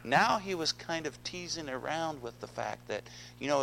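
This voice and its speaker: A man's voice: a little high, expressive, moderate pace, gravelly, pushed and bright, a little hiss or hum, poor audio. A man preaching a sermon, earnest, often repeating words and asking the congregation questions. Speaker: pastor.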